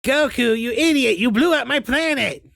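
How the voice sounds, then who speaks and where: A man voicing a shrill male cartoon villain who yells and shrieks insults. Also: normal speed, vocal fry, no room sound, studio quality, heavily acted. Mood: furious.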